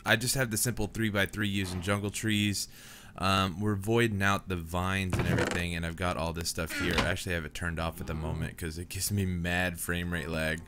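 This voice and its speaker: A man's voice: deep voice, level tone, a little fast, noisy background. A young man hosting a gaming channel, giving casual let's play commentary at home in a rambling, easygoing way. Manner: rambling, easygoing, says "man" and "dude" a lot.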